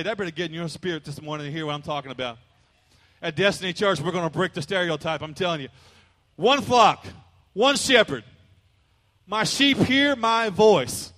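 A man's voice: high voice, fairly bright tone. A man preaching a sermon as pastor, emphatic and call-and-response, with playful asides.

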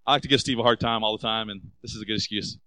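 A man preaching a sermon, animated and asking the congregation rhetorical questions. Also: lowish voice, very fast, poor audio. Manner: acts out quoted voices. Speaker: pastor.

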